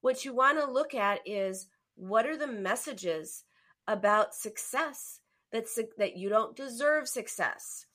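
A woman's voice: a little high, expressive, slow, fairly bright tone. A woman coaching a caller. She interrupts firmly and acts out what she means. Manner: firm, interrupting, demonstrative. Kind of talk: live coaching session.

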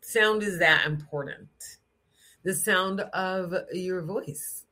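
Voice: mid-range voice, slow pace. An adult speaking in an unscripted teaching talk about sound, with a strong, frank and direct tone. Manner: demonstrates sounds with lively put-on voices and bits of song.

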